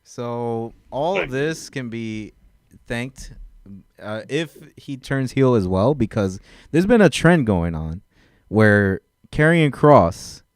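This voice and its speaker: A man's voice: mid-range voice, animated, slow pace, smooth, dry recording, clean studio sound. A man co-hosting a wrestling podcast in casual, jokey chat, laughing easily. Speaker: podcast co-host.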